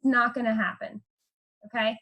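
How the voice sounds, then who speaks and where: Woman, high voice, emphatic coaching talk, keeps asking "okay?". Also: flat delivery, moderate pace, noisy background. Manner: emphatic, repeats "okay?" for stress. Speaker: team leader on a group call.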